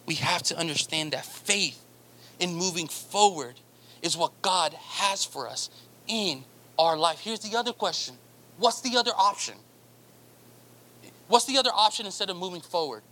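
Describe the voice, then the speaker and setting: A man preaching a sermon as pastor, emphatic and animated, firing rhetorical questions at the congregation. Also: high voice, moderate pace, pauses often.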